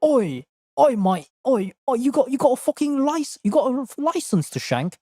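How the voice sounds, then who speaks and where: A rowdy, shouting street tough, as a man puts on the voice in a mocking comic bit. The pitch jumps high and wildly. The recording is close and dry. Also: sing-song, moderate pace, no room sound, heavily acted. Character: rowdy male street thug and cop.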